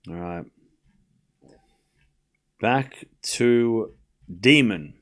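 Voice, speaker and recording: A man's voice: mid-range voice, lively intonation, drawn-out words, fairly bright tone. Chatty man calling a tennis watchalong. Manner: chatty, jokey, calls scores while reading chat. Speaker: watchalong host. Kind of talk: casual live tennis watchalong commentary.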